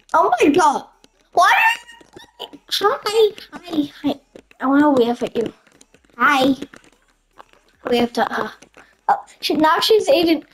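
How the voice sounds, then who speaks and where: A woman's voice: sits high, slight background noise, poor audio. Giggly young woman chatting through a game. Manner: giggly, chatty, easily excited. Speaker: gamer. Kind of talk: casual gameplay commentary.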